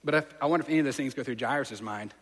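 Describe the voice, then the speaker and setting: A pastor giving a sermon, retelling a story in a casual, conversational way and asking listeners to imagine the scene. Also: male voice, mid-range voice, rapid-fire, a bit bright. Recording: long reverb of a large hall.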